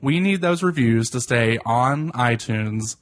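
A man co-hosting a podcast in casual chat, gossipy and quick to laugh. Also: mid-range voice, lively intonation, a little hiss or hum. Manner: chatty, gossipy, laughs often. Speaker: podcast co-host.

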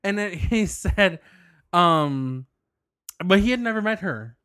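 A man co-hosting a podcast speaks slowly in a high, pushed, bright voice that is clean in tone and animated. He tells a rambling story in casual chat, laughing and restarting often. The indoor studio recording is clean, with no room sound.

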